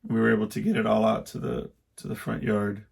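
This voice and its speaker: A man's voice: on the low side, level tone, brisk, gravelly, slightly rough. A middle-aged man hosting a podcast, telling a rambling personal story in a casual monologue and acting out the quotes. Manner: rambling, self-interrupting, acts out quotes. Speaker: podcast host.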